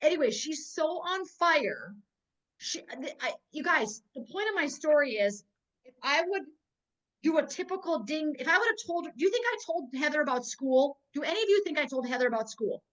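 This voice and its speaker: A woman's voice: high voice, normal speed, poor audio. A woman teaching a sales team on a video call, telling stories with energy and often checking that her listeners are following. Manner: lively storyteller, keeps checking in with listeners. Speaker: network marketing trainer.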